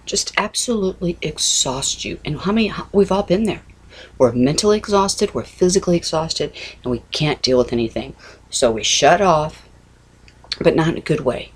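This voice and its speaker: Earnest middle-aged woman, husky voice. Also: sits low, animated, moderate pace. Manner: earnest, conversational, repeats "okay?" and "you know". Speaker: Christian vlogger. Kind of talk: casual devotional talk to camera.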